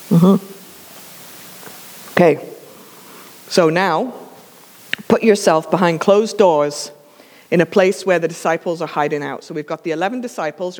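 A woman's voice: on the low side, in a large hall. A woman preacher telling a sermon story in a casual, emphatic way with humorous asides, coughing now and then from a dry throat.

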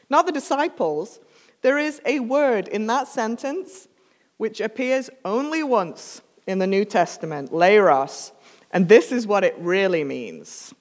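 A woman's voice: a little high, animated, slow pace, big-room sound. A woman preacher telling a sermon story in a casual, emphatic way with humorous asides, coughing now and then from a dry throat.

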